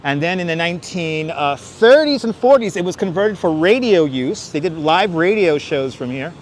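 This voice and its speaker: A slightly high, expressive voice at a normal speed belongs to a Brooklyn man giving a casual livestreamed street tour outdoors on busy city streets. He's chatty and rambling, answering chat questions aloud between jokey asides. The wireless clip-on mic and gimbal-held phone catch slight background noise.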